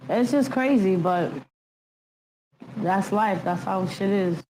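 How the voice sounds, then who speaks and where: A woman's voice: mid-range voice, takes it slowly, mellow, slight background noise, poor audio. A woman, a documentary interviewee, recounting events in blunt, slangy street talk and acting out what others said. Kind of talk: casual recounting.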